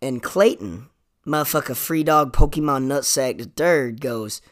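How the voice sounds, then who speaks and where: A man's voice: mid-range voice, a little slow, a bit bright. A young man hosting a podcast, ranting sarcastically with lots of swearing, "like" and "dude". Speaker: podcast host. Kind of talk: comedic rant monologue.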